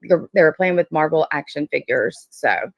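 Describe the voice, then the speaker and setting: A woman with a notably low voice hosts a casual livestream. She talks bluntly and defensively and fills her sentences with "like." Her voice sounds dry and close to the mic. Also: animated, moderate pace, creaky, dry recording, lo-fi sound. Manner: blunt, defensive, filler-heavy. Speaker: livestream host.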